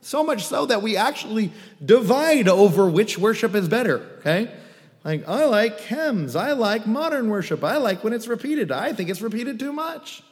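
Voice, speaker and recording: A male pastor delivers a sermon with a fairly high voice, animated and playful, dropping wry asides between points. The sound carries the long reverb of a large hall. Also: normal speed. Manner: animated, joking asides and acted quotes.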